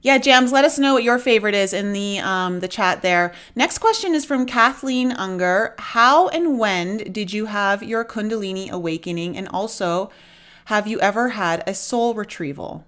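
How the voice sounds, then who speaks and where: A woman's voice: medium pitch, lively intonation, moderate pace, fairly bright tone. A woman hosting a live podcast interview, affirming her guest and reading out questions from viewers. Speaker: podcast host.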